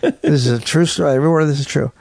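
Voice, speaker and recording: Man, middle-aged, comedian, gravelly, casual storytelling, profane, dry close mic. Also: a little high, very fast, no echo. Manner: profane, animated, acts out bits. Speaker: comedian guest. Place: home studio man cave. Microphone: podcast mic.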